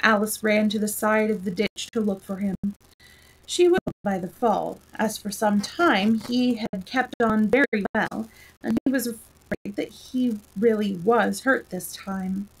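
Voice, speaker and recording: A woman narrating a children's storybook aloud in a gentle, steady manner. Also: medium pitch, a little slow, husky, low-quality recording.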